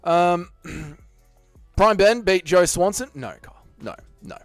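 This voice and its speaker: An Australian man hosts a casual live stream, reading chat messages aloud with profane, joking banter. His voice sits high and is animated but slow-paced, with no room sound and faint music behind him.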